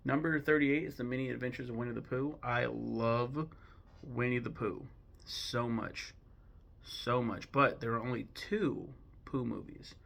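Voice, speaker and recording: Profane rambling young man with gravelly voice. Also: mid-range voice, fairly bright tone. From United States. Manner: blunt, profane and rambling, with bursts of mock outrage. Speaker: host ranking films. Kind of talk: casual opinion talk.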